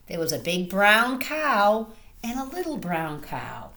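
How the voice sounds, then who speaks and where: A woman teacher reading a picture book aloud to young children in a gentle, sing-song way, speaking to them directly. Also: medium pitch, huge pitch swings, takes it slowly. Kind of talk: children's storytime read-aloud.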